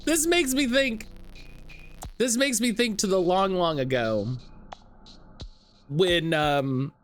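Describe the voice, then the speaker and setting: Man, streamer, casual commentary, rambling, animated pitch, faint game music. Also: takes it slowly. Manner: chatty, rambling, laughs often. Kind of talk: casual let's-play commentary.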